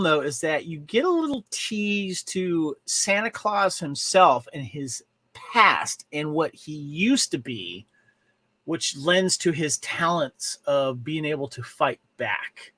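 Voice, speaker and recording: A man's voice: a little high, big pitch swings, slow pace, a bit bright, dry recording. A man co-hosting a podcast, chatting casually and enthusiastically about movies in a rambling way. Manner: rambling and enthusiastic, full of restarts. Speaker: podcast co-host. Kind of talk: casual chat reviewing movies and shows.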